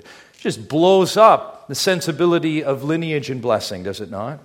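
A man's voice: on the high side, expressive, normal speed. A man preaching a sermon as pastor, emphatic, drawing the congregation in with rhetorical questions he answers himself.

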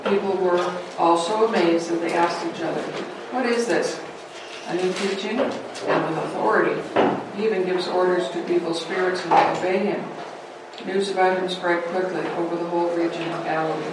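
A woman from a Bible class reading a scripture passage aloud in a steady voice. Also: lowish voice, moderate pace, heavy background noise. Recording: echoey room from a distant mic.

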